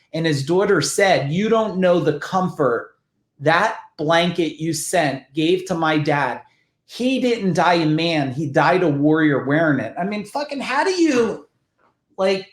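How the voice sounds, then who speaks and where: A man's voice: fairly high pitch, echoey room. A man from New Jersey telling stories from his business as a podcast guest, casual and emphatic, swearing freely and acting out the people he quotes. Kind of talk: casual storytelling.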